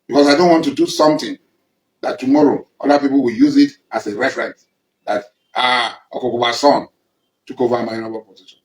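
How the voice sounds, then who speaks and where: A man's voice: mid-range voice, fairly even intonation, fairly quick, echoey room, low-quality recording. A man with a Nigerian accent giving an angry, accusing public statement, confronting someone directly and repeating his points. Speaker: militant leader addressing rivals.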